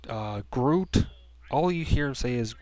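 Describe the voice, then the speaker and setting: A man's voice: medium pitch, lively intonation, a little slow, darkish tone. A man giving a casual spoken movie review from a room at home, rambling with many restarts and fillers.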